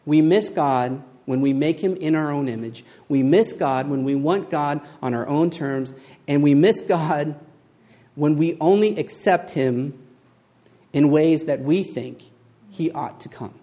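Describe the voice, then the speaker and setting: A male pastor preaching a sermon in a fairly high voice. He rises and falls with emphasis and acts out the voices in a story. His delivery is animated and earnest. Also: measured pace.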